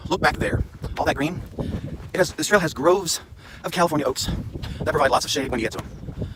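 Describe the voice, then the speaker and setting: This trail vlogger has an animated, higher-pitched voice and talks a little fast. He chats casually into his handheld camera while hiking, rambling and cracking self-mocking jokes over outdoor wind and traffic noise.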